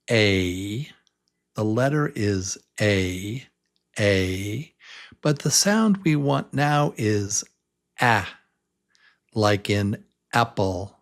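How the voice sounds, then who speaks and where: A man with a creaky, mid-range voice teaches a beginner English pronunciation lesson. He patiently repeats each letter sound and invites the listener to try it.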